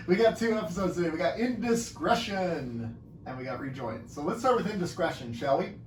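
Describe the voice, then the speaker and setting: A man's voice: high voice, lively intonation, normal speed. A man co-hosting a podcast in casual chat, rambling, repeating himself and laughing often. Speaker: podcast co-host. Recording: echoey room, mic at a distance, faint noise.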